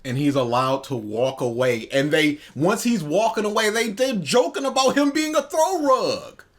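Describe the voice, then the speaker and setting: A man co-hosting a casual podcast, reacting in an animated, incredulous way. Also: high voice, moderate pace. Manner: animated, incredulous, rants with acted quotes. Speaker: podcast co-host.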